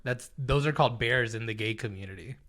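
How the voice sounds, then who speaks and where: A man's voice: mid-range voice, fairly quick, fairly bright tone. A young man co-hosting a podcast, telling stories in casual chat, laughing often and acting out what people said. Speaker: podcast co-host.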